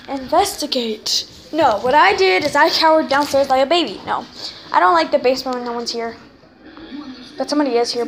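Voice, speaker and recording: The young vlogger, a girl in sixth grade, speaks in a high-pitched, somewhat bright voice, rambling casually at home and leaning on "anyway" whenever she loses her thread. A little hiss or hum runs under the poor-quality audio.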